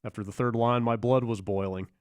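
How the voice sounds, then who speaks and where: A man's voice: mid-range voice, steady tone, brisk, clean tone, no room sound, clean studio sound. Wry male podcast host reading mail. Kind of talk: casual chat.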